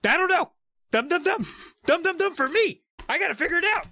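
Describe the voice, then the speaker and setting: A man putting on a high, giddy impression of an author musing aloud. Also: expressive, fairly quick, pushed and bright, a little hiss or hum, heavily acted.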